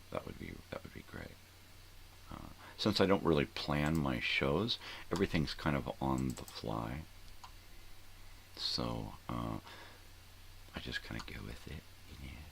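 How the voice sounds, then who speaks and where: A man's voice: very deep voice, vocal fry, fairly bright tone, a little hiss or hum. An older man hosting a casual morning show, rambling and thinking aloud, often trailing off into mumbles. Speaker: host.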